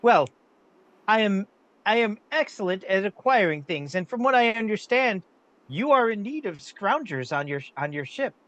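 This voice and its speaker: A man voicing a small, sly male rogue who flatters with overly formal, stumbling speech. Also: high voice, moderate pace, highs cut off. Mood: eager pitching. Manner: fumbling, overly formal speech full of restarts.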